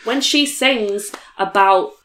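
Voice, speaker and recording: A young British woman in casual conversation, telling stories in a chatty, lively way with lots of fillers. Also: mid-range voice, slow, a little hiss or hum. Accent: British English. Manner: chatty, animated storytelling with many fillers. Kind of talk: casual chat. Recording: roomy echo.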